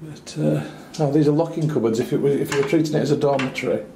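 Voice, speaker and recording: A man tours a compact hotel room and reviews it in a casual, wry way. His voice sits slightly high, with a warm, gravelly texture. The recording is roomy and echoey, with faint background hiss. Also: fast talker. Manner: chatty and wry, with dry asides. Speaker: travel reviewer. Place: small hotel room, indoors.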